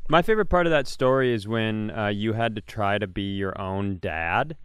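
Male co-host, mid pitch, smooth, resonant voice with a dry close sound; teasing and meandering. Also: normal speed, no room sound. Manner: rambling, teasing, musing tangents. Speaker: podcast co-host. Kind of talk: casual comedic chat.

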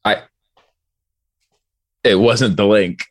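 A man's voice: fairly low pitch, fairly even intonation, extremely slow, no room sound. A man telling a story in casual comedic banter, laid-back and slangy.

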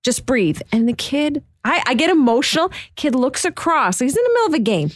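A woman's voice: high voice, big pitch swings, fairly quick, no room sound, clean studio sound. Earnest emotional woman, casual chat. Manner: earnest and emotional, laughs easily. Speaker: podcast co-host.

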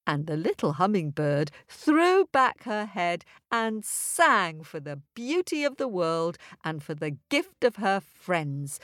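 A woman storyteller telling a folk tale in an expressive, rhythmic way. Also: lowish voice, slow pace, few pauses, no echo. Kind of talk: storytelling for children.

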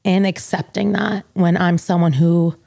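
A woman in her thirties talks through her feelings on a podcast, rambling and filler-heavy, close to tears. Her voice has a creaky fry, and the sound is dry with no room echo. She comes across as open and unguarded. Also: fairly low pitch, fairly even intonation, a little slow, dark tone. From US East Coast. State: tearful. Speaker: podcast co-host. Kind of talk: casual chat.

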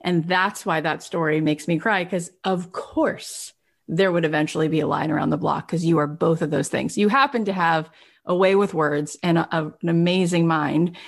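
A woman's voice: on the low side, normal speed. A woman hosting an interview, speaking with emotion and effusive praise for her guest. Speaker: podcast host. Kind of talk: interview conversation.

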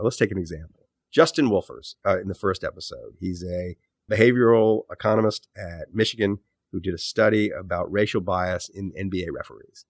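A middle-aged man, an author, answering interview questions in a thoughtful, self-correcting way, often trailing off low at the ends of phrases. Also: no echo, studio quality. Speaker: author and podcast host, guest.

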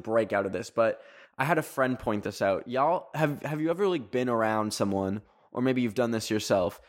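A young man from Canada with a Canadian accent, hosting a casual solo podcast in a chatty, rambling way full of fillers. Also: mid-range voice. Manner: chatty, rambling, many fillers, quick laughs. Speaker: podcast host.

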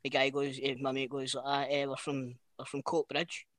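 A man co-hosting a podcast, joking and teasing loudly in casual banter. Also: mid-range voice, monotone, normal speed, no room sound. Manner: jokey, loud teasing. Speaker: podcast co-host.

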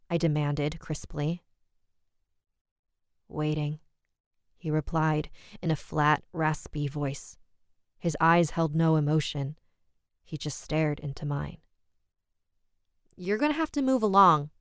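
A woman narrating a first-person horror story in a measured, steady storytelling manner. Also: sits low, smooth, dry recording, clean studio sound.

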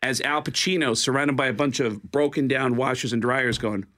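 A man, a comedian and voice actor, telling lively comic stories as a radio guest and jumping into quoted voices. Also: moderate pace, no room sound, clean studio sound. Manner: lively, jumps into high-pitched quoted voices. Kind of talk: animated comic storytelling.

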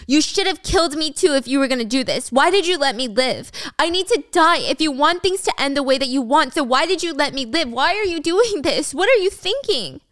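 A woman's voice: high-pitched, expressive, brisk, few pauses, fairly bright tone, no room sound, clean studio sound, voice pushed up. A woman voicing a desperate teenage girl who presses her friend with pleading questions.

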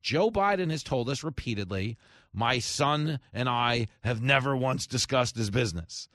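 A man's voice: mid-range voice, fairly bright tone, no echo, clean studio sound. A man hosting a talk radio show, delivering an emphatic, sarcastic monologue.

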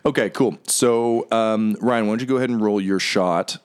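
Game master, male, very low voice, descriptive narration with fillers. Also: normal speed, smooth. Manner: descriptive, lots of ums.

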